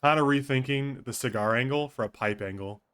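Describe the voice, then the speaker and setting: A man's voice: medium pitch, a little fast, fairly bright tone, smooth. A man streaming a role-play game, chatting casually with viewers, thinking aloud and swearing freely. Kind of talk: casual out-of-character chat with viewers.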